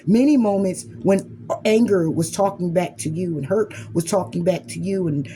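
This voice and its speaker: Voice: mid-range voice, moderate pace, mellow, slight background noise. A speaker giving a blunt, emphatic motivational monologue as a spiritual reader, swearing freely and acting out inner arguments in quoted voices.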